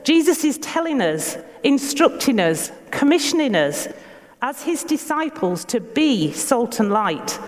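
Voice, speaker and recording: A woman with a Yorkshire accent giving an earnest, measured sermon in a church, asking her listeners questions. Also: sits high, big pitch swings, in a large hall. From Yorkshire, England. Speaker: preacher.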